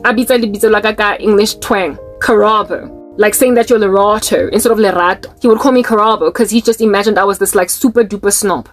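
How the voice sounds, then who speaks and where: A South African woman giving emphatic, outspoken personal commentary in a vlog, repeating her points for weight. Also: mid-range voice. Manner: emphatic and outspoken, with heavy repetition. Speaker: vlogger.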